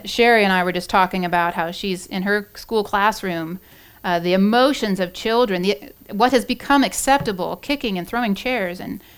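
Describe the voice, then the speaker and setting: A woman giving an earnest devotional Bible teaching, with many pauses, fillers and restarts. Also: medium pitch, smooth. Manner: earnest, warm-hearted, with frequent fillers and restarts.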